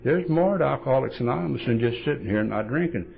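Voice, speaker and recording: A man with a gravelly, rough-edged voice tells stories from the podium in a blunt, wry way. His pitch swings widely as he acts out bits of dialogue. It comes through a dull, lo-fi tape recording. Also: expressive, fast talker. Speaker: recovery meeting speaker. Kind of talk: humorous storytelling talk.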